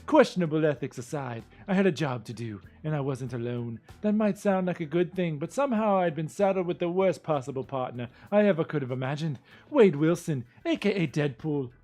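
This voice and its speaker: A man's voice: fairly high pitch, lively intonation, a little fast, a little mellow, faint music behind, voice pushed up, close to an everyday voice. A man voicing a tough, sardonic woman monster hunter in a put-on Cockney British accent, reading game lore aloud in character. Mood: wry.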